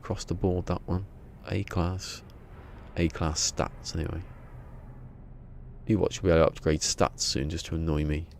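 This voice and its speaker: A man's voice: low-pitched, steady tone, normal speed, a little mellow, slight background noise. A man streaming a video game, rambling and muttering to himself as he plays. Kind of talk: casual live-stream commentary.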